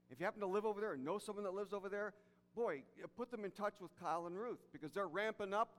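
Emphatic preaching man, high voice. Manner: emphatic, repeats key phrases, drops to soft low tones for emphasis. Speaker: pastor. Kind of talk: sermon. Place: church sanctuary. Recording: church hall reverb.

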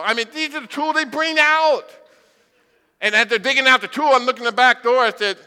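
Blind man preaching, high voice, very bright tone, humorous storyteller, reverberant hall. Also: fairly quick, clean tone. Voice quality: blind speaker. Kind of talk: sermon with storytelling.

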